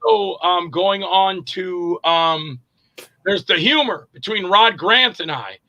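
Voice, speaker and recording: The audio is dull, carrying a slow, high voice from a middle-aged man who works as an actor and director. Telling stories casually in an interview, he's animated, acts out quoted dialogue, and fills his speech with fillers.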